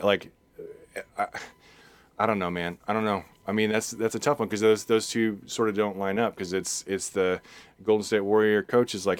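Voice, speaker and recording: A man with a very low voice chats on a podcast, circling his point through false starts and fillers. He talks loosely and casually with a co-host. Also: fairly even intonation, no echo. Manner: halting, many restarts and fillers.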